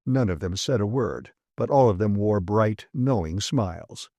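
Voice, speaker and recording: Guy reading a sci-fi audiobook, mellow voice, dry booth sound. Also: on the low side, expressive, a little slow, no room sound. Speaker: audiobook narrator. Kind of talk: scripted narration.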